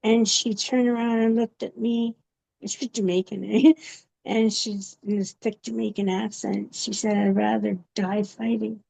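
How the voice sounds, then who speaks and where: A woman giving a personal testimony in an interview, speaking haltingly with many pauses and fillers. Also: on the high side, level tone, a little mellow. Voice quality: gravelly. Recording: dull, muffled recording.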